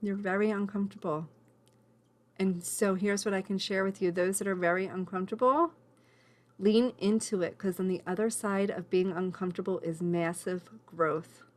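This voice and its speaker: A woman's voice: medium pitch, steady tone, normal speed. A woman leading a live online women's class over a video call, earnest and emotional, encouraging people by name.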